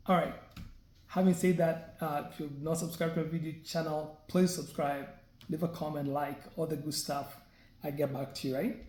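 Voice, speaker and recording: A fairly high-voiced man tells a story straight to his viewers, chatty and loose, often tossing in a quick "right?" to check they're following. His tone is mellow and soft-edged. The sound bounces around a bare, echoey room. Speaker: vlogger. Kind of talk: casual storytelling to camera.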